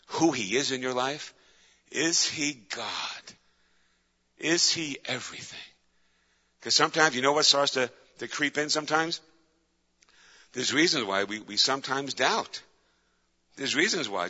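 A man's voice: medium pitch, bright, forceful tone. A male preacher delivering a fervent sermon, praying and retelling stories with rhetorical questions. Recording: dull lo-fi with long hall reverb.

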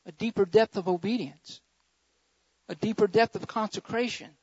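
A pastor preaching a sermon, swinging between loud fervent surges and quieter emphatic stretches, repeating key phrases for emphasis. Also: male voice, high-pitched, steady tone, moderate pace, breathy edge, no room sound. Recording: dull lo-fi sermon recording.

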